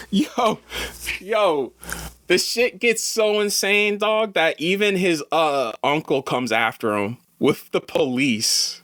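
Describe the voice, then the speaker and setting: Man, podcast host, casual slangy chat, animated, higher voice, dry sound. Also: slow, dry recording. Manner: animated, swearing, slangy, laughs a lot. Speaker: podcast host, film reviewer.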